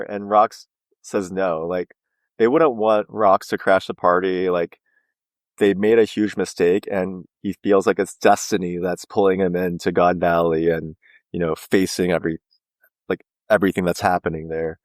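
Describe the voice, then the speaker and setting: A man's voice: low voice, fairly even intonation, normal speed, no room sound. A man co-hosting a podcast, recapping a story in loose casual chat full of "like" and "you know". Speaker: podcast co-host.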